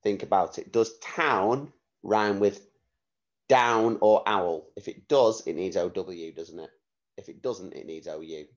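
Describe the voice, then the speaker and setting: A primary school teacher with a low voice leads a phonics lesson for young children, spelling words out letter by letter in a slow, clear dictation style. The audio sounds dull.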